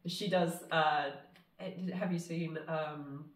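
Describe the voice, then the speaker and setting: A woman's voice: low-pitched, fairly even intonation, slow pace. A woman film director as a podcast guest, chatting casually, laughing often and trailing off with fillers. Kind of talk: casual conversational interview. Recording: roomy sound from a distant mic.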